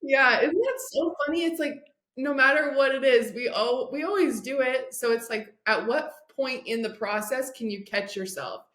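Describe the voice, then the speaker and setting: Animated woman, echoey room. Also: high-pitched, moderate pace, hardly any pauses. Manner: animated storytelling, acting out dialogue, many "like" fillers. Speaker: guest, addiction and recovery coach. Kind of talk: casual podcast conversation.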